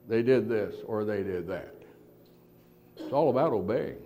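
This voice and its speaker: A preacher poses rhetorical questions, slows to emphasize key words, and slips quiet remarks between louder, emphatic points. His voice is low-ish and expressive, and the recording sounds muffled.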